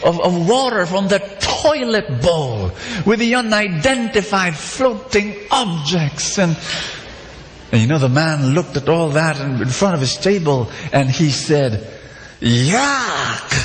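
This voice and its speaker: Male preacher, slow, animated, acts out characters, big echoey hall. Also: a little high, slight background noise. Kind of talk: sermon with call-and-response. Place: large church hall. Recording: echoey hall, faint ambience.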